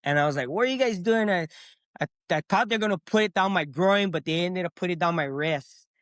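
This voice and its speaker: A man's voice: sits high, brisk, dry recording. A middle-aged man telling his own story on a podcast, acting out what he said at the time. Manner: animated, acts out his own past words. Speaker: podcast guest. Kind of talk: casual storytelling.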